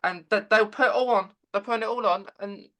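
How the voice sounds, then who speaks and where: A man hosting a podcast, talking casually and haltingly with many repeated words. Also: sits high, steady tone, a bit bright. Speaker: podcast host. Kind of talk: casual conversation.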